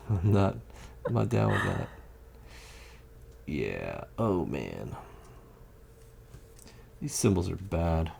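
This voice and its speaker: Deep creaky guy at a board game table, walking through the rules. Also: huge pitch swings, very slow, pauses often, darkish tone, slight background noise. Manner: explains rules step by step. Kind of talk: casual chat while playing. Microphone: condenser mic.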